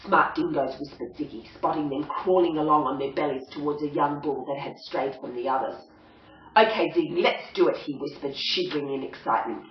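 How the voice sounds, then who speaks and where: Aussie lady reading a kids' story, lowish voice, doing the animal voices, echoey dull recording. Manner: lively character voices with big pitch jumps. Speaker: audiobook reader. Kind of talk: storybook read-aloud. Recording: roomy lo-fi home recording.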